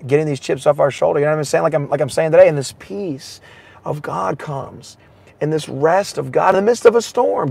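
This preacher's voice sits high and sounds gravelly and husky. His sermon is loose and excitable, full of laughter, with shouts giving way to quiet asides and "man" dropped in constantly.

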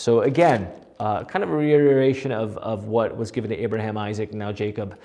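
A man's voice: on the low side, fairly quick, few pauses. Man teaching Scripture conversationally. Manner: animated, asks frequent rhetorical "right?" with many restarts. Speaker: pastor teaching a Bible study.

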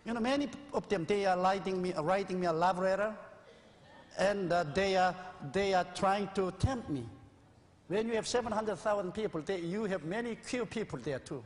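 A man in his sixties preaches with an earnest, confessional tone, his voice sitting unusually high for a man. He is heard in a church sanctuary, and the old VHS-era recording carries a long, ringing reverb. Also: normal speed, a little hiss or hum. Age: 60s. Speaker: pastor. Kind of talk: sermon.

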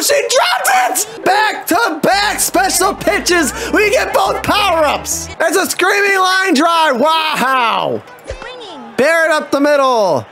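Brief: high-voiced, slow-talking male let's-play commentator, excitable and cursing, game music under him. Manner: excitable, swears and groans at plays. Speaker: gameplay commentator.

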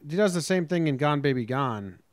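A man co-hosting a movie review podcast, giving measured, opinionated takes and laying out his points in order. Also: on the high side, lively intonation, no room sound, studio quality. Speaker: podcast co-host. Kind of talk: casual movie review chat.

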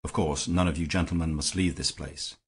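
A man reading an audiobook, voicing an articulate, abrupt lawyer who speaks in a brisk, rigorous way. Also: a bass voice, fairly even intonation, breathy edge, heavily acted. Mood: brisk, hard. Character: brisk, hard-eyed middle-aged lawyer.

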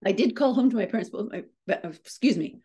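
A middle-aged woman, a motivational speaker, telling a story with fast, self-mocking humor and frequent laughs. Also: mid-range voice, animated, warm tone, husky. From Canada. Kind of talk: storytelling keynote talk.

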